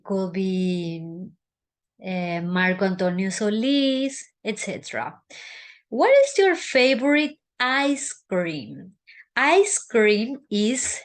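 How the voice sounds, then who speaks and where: Slow, patient woman teaching English. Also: mid-range voice. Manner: slow, patient, repeats each example aloud. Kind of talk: recorded online grammar lesson.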